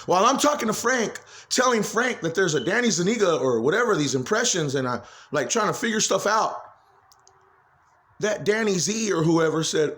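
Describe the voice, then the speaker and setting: A man's voice: high voice, expressive, moderate pace, fairly bright tone. A man talking straight into a phone camera in a rambling personal monologue, agitated, swearing freely and repeating himself. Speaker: vlogger.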